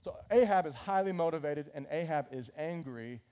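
A male pastor preaching with a high-pitched voice. He talks casually and with animation, breaking into character voices as he explains a passage. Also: moderate pace. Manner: animated, conversational, acts out scripture characters. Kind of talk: sermon.

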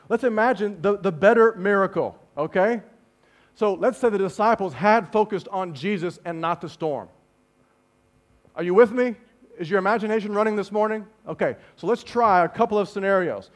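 Brief: male preacher, high voice, lively sermon delivery with hushed asides. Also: normal speed. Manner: animated, dropping to hushed tones for emphasis; speaks to the congregation directly with rhetorical questions.

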